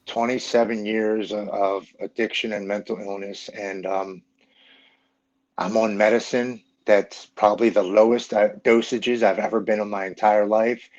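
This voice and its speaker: Speaking flatly at a moderate pace, this middle-aged podcast guest recounts his personal story in a blunt, frank way. His voice is lowish with a somewhat dark tone, captured on a dull, lo-fi recording.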